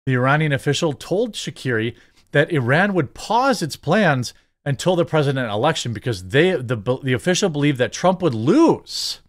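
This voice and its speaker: A man's voice: fairly high pitch, expressive, normal speed. A man hosting his own channel, giving sarcastic, rambling political commentary. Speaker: host.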